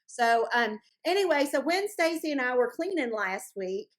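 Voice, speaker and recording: Chatty higher-voiced woman hosting. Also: big pitch swings, normal speed. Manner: chatty, playful, rambling. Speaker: group host. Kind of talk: casual chat. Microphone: video call.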